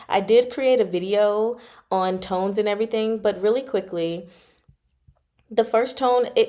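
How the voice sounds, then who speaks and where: Slow, low-voiced woman teaching Mandarin tones. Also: dark tone. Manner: chatty, self-correcting, sings tones to demonstrate. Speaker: livestream host teaching Mandarin. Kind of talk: casual livestream lesson.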